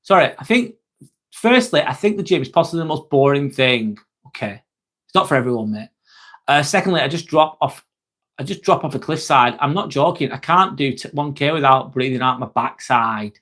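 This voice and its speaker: He's a man hosting a relaxed livestream, answering viewers' chat messages directly while joking and swearing. His voice is mid-range and a bit bright, expressive, at a moderate pace.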